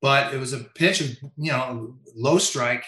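Umpire guy telling stories, bright forceful voice, lots of room echo. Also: medium pitch, measured pace. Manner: animated, acts out quotes with raised voice. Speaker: MLB umpire guest. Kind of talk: storytelling in interview.

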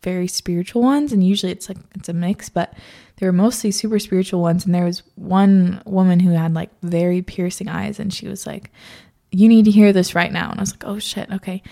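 A woman's voice: fairly low pitch, fairly even intonation, brisk, gravelly, mellow. A young woman hosting a podcast, chatting casually on her own, swearing freely and laughing often. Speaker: podcast host. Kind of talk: casual solo chat.

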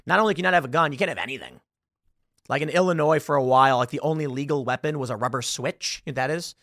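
A young man hosting a podcast, talking casually in an animated, ranting way and jumping up in pitch for emphasis. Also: quick pace, dry recording, clean studio sound. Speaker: podcast host. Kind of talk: casual political talk.

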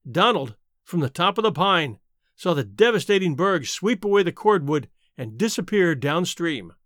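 A man reading an adventure story aloud as narrator, with an expressive, dramatic delivery on a close mic. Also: high-pitched, moderate pace, dry recording. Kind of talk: scripted audiobook narration.

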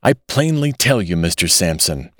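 A man voicing a smooth, scheming gentleman villain, composed and polite. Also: low-pitched, sing-song, normal speed, no echo, studio quality, heavily acted. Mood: cold.

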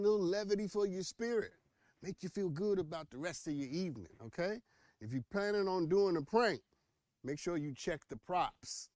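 Animated man hosting a news podcast. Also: fairly high pitch, dry recording. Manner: playful, teasing, dramatic swings in loudness. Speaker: podcast host. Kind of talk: casual political commentary.

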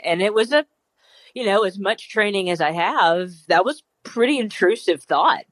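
A woman's voice: fairly low pitch, expressive, moderate pace, no echo. Reassuring woman sports psychologist, dry sound. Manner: reassuring, loose, many "you know" and "kind of" fillers. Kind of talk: casual advice conversation.

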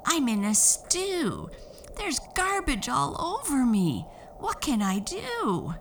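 A woman voicing an untidy little storybook girl who sounds high and fretful. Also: huge pitch swings, slow, slight background noise, full character voice. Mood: flustered.

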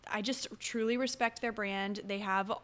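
A woman's voice: mid-range voice, fairly even intonation, moderate pace, a bit bright. A young adult woman hosting a casual solo podcast, chatty and upbeat with rambling asides. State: hiccuping. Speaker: podcast host.

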